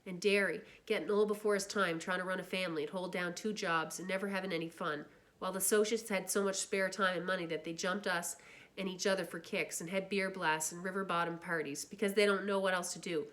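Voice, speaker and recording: A woman's voice: on the low side, a little fast. Woman reading a novel aloud. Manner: steady, plain read-aloud narration. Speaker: reader.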